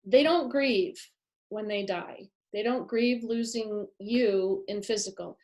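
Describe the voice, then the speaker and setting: In a live masterclass, a woman speaks about pets and the afterlife, earnest and emphatic, returning to her key phrases again and again. Her voice sits fairly high, with a darkish tone and an unhurried pace.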